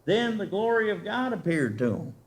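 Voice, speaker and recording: High-voiced preacher asking rhetorical questions. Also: male voice, very animated, normal speed, slightly rough. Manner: asks the congregation rhetorical questions, swinging from loud to very soft. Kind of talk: sermon.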